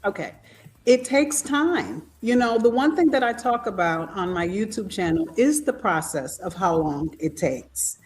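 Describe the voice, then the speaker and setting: A woman's voice: medium pitch, animated, unhurried, slight background noise. Woman guest on a video call, earnest, thoughtful, sharing her own story. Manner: earnest and reflective. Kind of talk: personal testimony in an interview.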